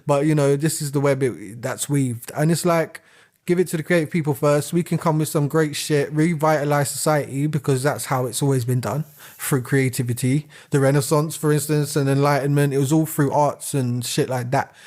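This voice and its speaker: A man's voice: fairly high pitch, fairly even intonation, moderate pace, a little mellow. Rambling man on a podcast. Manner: rambling, laughs often, drifts into rants. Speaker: podcast co-host. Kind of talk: casual chat.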